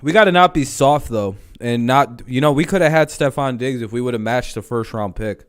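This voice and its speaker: A man's voice: mid-range voice, fairly quick, smooth. A man hosting a livestream, chatting casually about football in a rambling, joking way with plenty of swearing. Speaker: livestream host. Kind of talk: casual sports chat.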